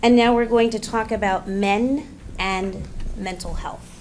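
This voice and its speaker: A woman moderating a panel event, making formal introductions in a measured way. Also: mid-range voice, fairly even intonation, darkish tone, slight background noise.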